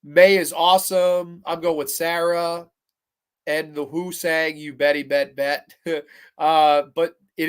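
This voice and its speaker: A man hosting a live stream, talking to his chat in an excitable, profane way as he agonizes aloud over picks. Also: a little high, measured pace, clear, resonant tone. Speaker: podcast host.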